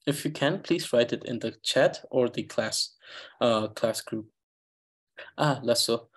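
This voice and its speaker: A man with an Eastern Tibetan accent explains words to his students in an online class. His voice sits at a middle pitch, and he talks in halting bursts, filling the gaps with "uh" as he thinks aloud. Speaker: Tibetan language teacher. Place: online class, video call.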